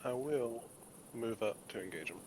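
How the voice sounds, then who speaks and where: A man's voice: medium pitch, animated, moderate pace, background noise. A man chatting as a player in a tabletop game, eager and matter-of-fact about his turns. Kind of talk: casual game chat.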